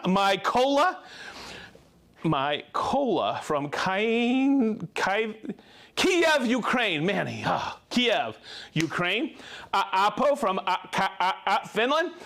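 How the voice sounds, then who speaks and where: An upbeat man hosting a live stream, talking in a fairly high voice that swings up and down with animation. He chats casually and laughs often. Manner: upbeat, reads viewer shout-outs, laughs often. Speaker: host of a live tool show.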